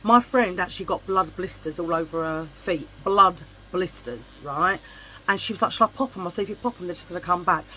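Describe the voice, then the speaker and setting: A woman's voice: on the low side, brisk, slight background noise, low-quality recording. A middle-aged woman, telling a long story in a casual vlog, chatty and blunt with some swearing. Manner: chatty, animated and blunt, swears freely, acts out voices in her anecdotes. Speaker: vlogger. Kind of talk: casual storytelling chit chat.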